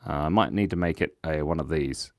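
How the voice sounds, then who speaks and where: A man's voice: very deep voice, fairly quick, dry recording, studio quality. A man hosting a live drawing stream, reading out viewer suggestions in a playful, giggly way. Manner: playful, reads chat comments aloud, giggles often. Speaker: livestream host drawing with chat. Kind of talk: casual live-stream chat.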